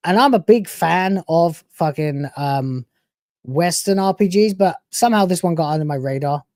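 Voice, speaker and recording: A woman's voice: lowish voice, expressive, moderate pace, darkish tone, dry recording, clean studio sound. A woman hosting a reaction channel, giving sarcastic, profane, mocking commentary over clips.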